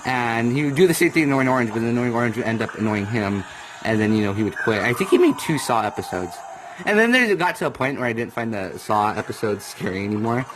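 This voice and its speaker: Rambling young man yelling for laughs. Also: mid-range voice, big pitch swings, fast talker, noisy background. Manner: chatty and rambling, bursts into comic yelling. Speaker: let's play gamer. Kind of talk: rambling gameplay commentary. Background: video game music.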